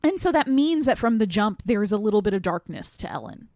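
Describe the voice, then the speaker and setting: A woman co-hosting a casual film podcast, animated and quick to laugh, sometimes acting out characters in a raised voice. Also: no echo, studio quality. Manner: animated, laughs often, acts out characters in a high voice. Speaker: podcast co-host.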